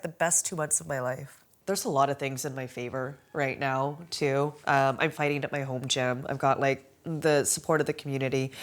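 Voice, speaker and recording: Woman, 40s, low voice; candid, emotional interview talk, quick to laugh. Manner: emotional, laughing often, lots of "like" and "right?". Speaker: amateur Muay Thai fighter.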